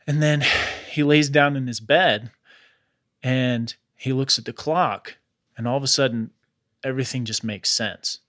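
A man with a bright, forceful voice recounts a strange tale in a casual podcast chat. He uses loose slang like "bro" and "dude" and keeps an easy conversational flow. The sound is close and dry. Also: medium pitch, measured pace, dry recording. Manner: relaxed retelling with slangy asides like "bro" and "dude". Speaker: podcast host.

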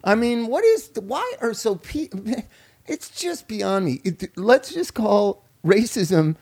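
A man with a high, light voice talks in a loose, animated way. He tells stories, laughs often and swears freely in casual podcast chat. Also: takes it slowly, gravelly. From Los Angeles. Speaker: podcast host.

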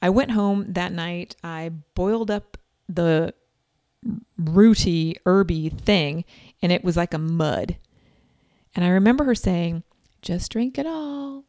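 A woman in her forties telling a personal story in a chatty, animated way, acting out quoted lines. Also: lowish voice, slow pace, dry recording, studio quality. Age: 40s.

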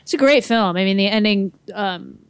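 A woman's voice: medium pitch, moderate pace, clear, resonant tone, no echo. Woman chatting on a podcast, hesitant, lots of ums, dry close sound. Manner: hesitant, fillers and restarts. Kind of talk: casual chat.

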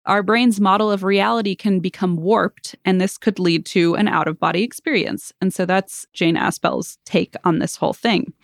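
A woman co-hosts a podcast and lays out studies in a relaxed, joking way, laughing now and then. Her voice sits at a medium pitch. The sound is dry and close to the mic. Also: moderate pace, gravelly, hardly any pauses, no echo. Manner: explains research in a chatty, joking way, laughs often. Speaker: podcast co-host. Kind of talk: casual chat.

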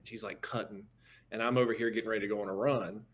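A man guest on a sports talk stream, teasing the host and telling animated stories. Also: fairly low pitch, fast. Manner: animated storyteller, teasing and insistent. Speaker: guest analyst.

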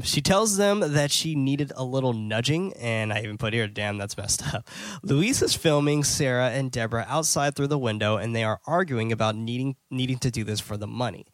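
A man hosting a podcast, casually recapping a horror movie's plot with cursing, loose asides and quick impressions of characters. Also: medium pitch, no room sound, studio quality. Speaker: podcast host.

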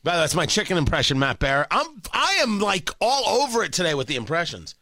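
A man's voice: high voice, quick pace, no room sound. A man hosting a talk radio show, opinionated and sarcastic, bantering and joking in the studio. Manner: animated, sarcastic, jokey.

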